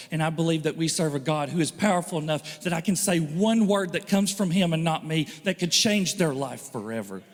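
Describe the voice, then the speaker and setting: Animated preaching man in reverberant church. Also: high-pitched. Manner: animated, joking, acts out quoted voices. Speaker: pastor. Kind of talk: sermon. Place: church hall.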